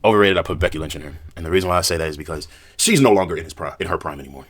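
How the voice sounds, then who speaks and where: A man with a very low voice talks at a rapid clip. He delivers casual wrestling opinions in a loose, conversational way, often tagging his points with filler phrases. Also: expressive, fairly bright tone. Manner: fast, conversational, repeats "you know what I'm saying". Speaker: wrestling opinion video narrator.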